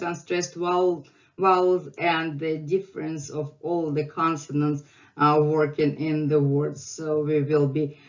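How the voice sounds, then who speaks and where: A woman's voice: low voice, highs cut off. A woman with a Russian accent teaching the alphabet, patiently repeating each sound many times. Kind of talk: slow alphabet lesson with drilled repetitions.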